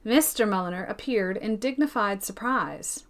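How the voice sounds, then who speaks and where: A woman reading a classic novel aloud in an even, gentle storytelling manner. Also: mid-range voice, normal speed. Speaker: narrator of an audiobook. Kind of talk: scripted audiobook narration.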